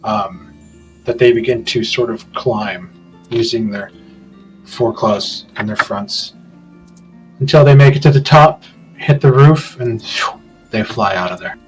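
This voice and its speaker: Man, game master, tabletop narration, mid-pitched, hedging, filler-heavy. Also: a little slow, pauses often, faint music behind, rough recording. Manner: loose, hedging descriptions full of fillers.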